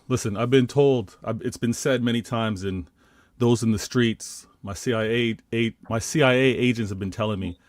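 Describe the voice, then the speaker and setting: A man's voice: on the low side, no echo, studio quality. A Canadian man on a football podcast, giving a theatrical fan rant with mock indignation. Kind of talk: casual football podcast chat.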